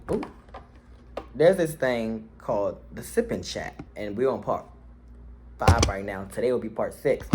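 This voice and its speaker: A man casually telling a personal story to his viewers, slangy and animated, jumping to high yells when he quotes himself. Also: noisy background. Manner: animated, slangy, swings to shrill yelling when quoting himself.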